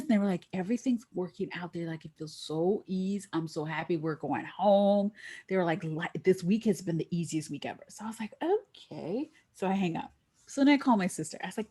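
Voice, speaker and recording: A middle-aged woman guest telling a lively story in a podcast interview, acting out the voices of the people she quotes. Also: a little fast, husky. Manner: animated, acts out quoted voices with big pitch jumps.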